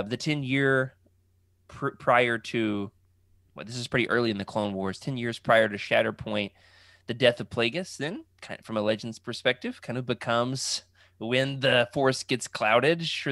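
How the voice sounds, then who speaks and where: A man's voice: mid-range voice, normal speed, gravelly, a bit bright, dry recording. A man hosting a casual livestream podcast, joking around and reading out comments from the chat. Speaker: podcast host.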